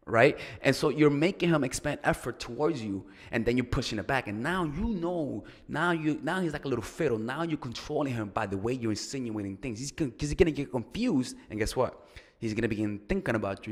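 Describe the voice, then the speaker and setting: A man's voice: medium pitch, in a large hall. A man giving casual, crude, rambling dating advice as a coach, with loose fillers and restarts.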